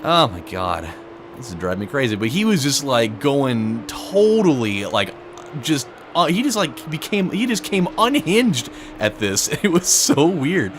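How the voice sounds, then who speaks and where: A man's voice: medium pitch, very animated, unhurried, background noise. A man casually commenting on his racing game, rambling through a story full of "like" and "you know". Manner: rambling, storytelling, frequent fillers. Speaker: let's play host.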